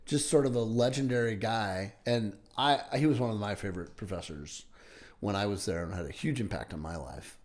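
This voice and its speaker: A man's voice: lowish voice, a little fast. A man hosting a podcast, interviewing a guest in casual chat with enthusiastic short reactions. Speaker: podcast host.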